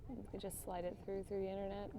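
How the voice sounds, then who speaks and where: A woman co-hosts a casual livestream outdoors, speaking into a clip-on mic. She talks in a relaxed way and drops curse words offhandedly, with a faint hiss in the background. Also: mid-range voice, quick pace. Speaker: livestream co-host. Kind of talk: casual chat. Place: outdoors, riding scooters. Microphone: wireless clip-on microphone.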